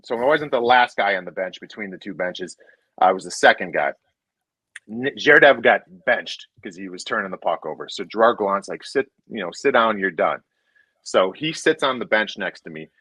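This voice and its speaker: A man's voice: lowish voice, animated, moderate pace, bright, forceful tone, husky, no echo, poor audio. A man, a former hockey player, casually telling rambling locker-room stories full of restarts and swearing. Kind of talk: casual storytelling chat.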